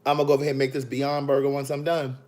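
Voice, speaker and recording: A man, an author, chatting on a phone livestream in a sassy, animated way, talking straight to his viewers. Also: mid-range voice, rapid-fire. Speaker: author hosting a live video. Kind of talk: casual livestream chat. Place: in the city after a book event.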